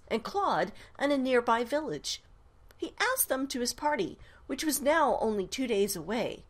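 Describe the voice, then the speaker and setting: Woman telling a lively bedtime story. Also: fairly high pitch. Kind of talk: reading a children's story aloud.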